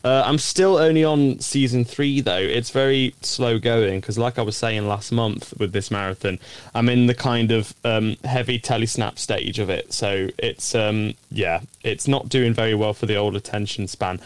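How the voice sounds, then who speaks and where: Smooth-voiced young panelist. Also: male voice, lowish voice, fairly even intonation, moderate pace, no echo. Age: young adult. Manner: self-deprecating, laughs often, rambling. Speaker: podcast panelist. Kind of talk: casual podcast chat.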